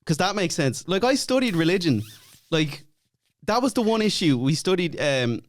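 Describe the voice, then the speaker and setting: An Irish man chatting on a podcast with a lively, swooping voice. He laughs often and swears freely as he tells stories. The sound is close and dry. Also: high voice, moderate pace, no room sound. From Ireland. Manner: laughing, swearing, animated storytelling. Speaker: podcast guest. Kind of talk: casual chat.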